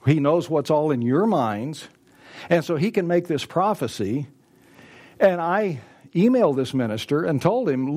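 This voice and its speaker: Lively, high-voiced male preacher. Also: measured pace. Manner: preaching with emphatic repetition, acting out quoted dialogue. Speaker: pastor. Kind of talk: sermon.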